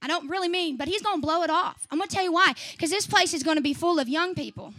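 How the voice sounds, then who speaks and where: Fiery young woman preacher, high bright voice. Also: fast talker, hardly any pauses. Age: young adult. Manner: fiery, rising to shouts then dropping to chatty asides. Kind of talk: sermon.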